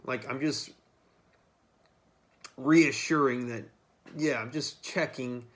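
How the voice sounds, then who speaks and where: In a casual monologue to camera, a man vlogs with a mid-range voice, taking his time and pausing often. His talk is loose and freewheeling, rambling along and swearing freely.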